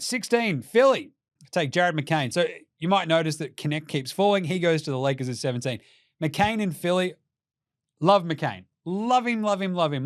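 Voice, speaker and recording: A man's voice: on the high side, dry recording, studio quality. A young Australian man gives brash, profane and jokey casual commentary as a basketball show host.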